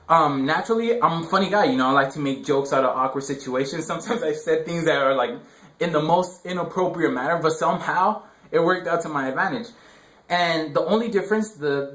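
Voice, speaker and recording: A man's voice: a little high, fairly bright tone. A young man giving casual dating advice in a rambling, slangy way, full of "like" and "you know". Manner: rambling, filler-heavy slang. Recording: roomy echo.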